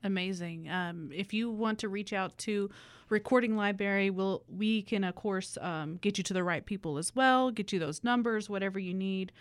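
A woman's voice: medium pitch, moderate pace, clean tone, no room sound. A woman hosting a podcast interview, encouraging and friendly with her guest. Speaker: podcast host. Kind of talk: casual interview chat.

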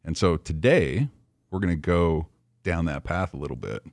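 A middle-aged man hosting a podcast, asking questions in a measured, rambling way with many fillers. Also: low-pitched, lively intonation, no room sound, studio quality. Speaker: podcast host. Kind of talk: casual podcast interview.

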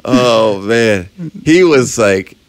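A male podcast co-host excitedly retelling a film in casual chat. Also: mid-range voice, drawn-out words, no room sound. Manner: excited, animated storytelling.

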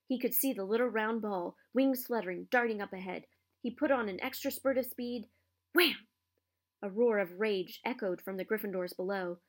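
A woman narrating a storybook aloud with an expressive reading. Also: medium pitch, moderate pace.

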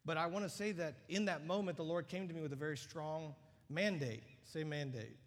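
Male guest preacher, slightly high voice, energetic, emphatic delivery, long hall reverb. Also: a little fast. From United States. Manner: animated, rising to loud emphatic peaks. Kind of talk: sermon. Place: large church auditorium.

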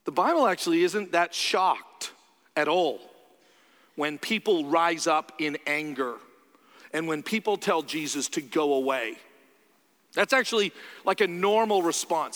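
A man's voice: a little high, lively intonation, unhurried, fairly bright tone, long reverb tail. A man preaching a sermon in a loose, conversational way, acting out the voices he quotes.

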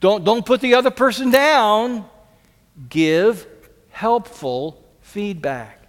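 A man preaching a sermon as a pastor, earnest, repeating key lines for emphasis and dropping to soft pleas. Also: high-pitched, animated, slow, big-room sound.

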